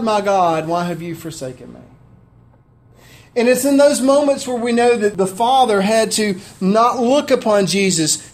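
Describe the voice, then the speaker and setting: A man preaching a sermon, conversational and heartfelt, often asking his listeners questions. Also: high-pitched. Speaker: pastor.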